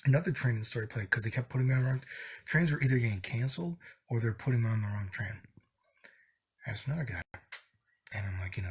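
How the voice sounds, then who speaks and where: A man's voice: mid-range voice, fast talker, slightly rough. A young man vlogging casually, sick and exasperated, rambling profanely about a bad day. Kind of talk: casual vlog rant.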